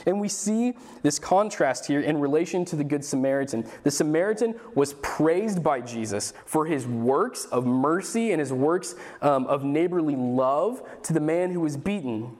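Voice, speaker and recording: Earnest man preaching, slightly high voice. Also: animated, moderate pace, few pauses, a little mellow. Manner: earnest, acts out frustrated voices, restarts often. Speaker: pastor. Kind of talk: sermon.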